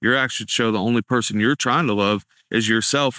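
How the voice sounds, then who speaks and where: A man's voice: mid-range voice, a little fast, bright, forceful tone, no echo, clean studio sound. Earnest man telling his recovery story. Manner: earnest storytelling, acts out quoted dialogue. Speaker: testimony speaker. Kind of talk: personal recovery testimony.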